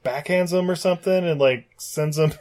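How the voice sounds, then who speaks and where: A man with a slightly high voice tells a film's plot in a loose, rambling way. He swears freely and laughs often as he acts out the scenes. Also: moderate pace, a little mellow. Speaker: podcast co-host recapping a film. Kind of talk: casual chat.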